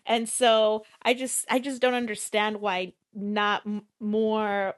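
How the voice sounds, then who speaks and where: A woman's voice: medium pitch, level tone, takes it slowly, no echo, clean studio sound. A woman co-hosting a podcast in casual chat, talkative and playful, laughing often. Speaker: podcast co-host.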